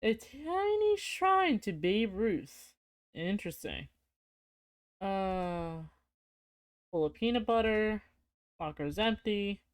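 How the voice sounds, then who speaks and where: Streamer, casual game commentary, reads on-screen text aloud, mid pitch, dry close sound. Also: big pitch swings, slow, pauses often, dry recording.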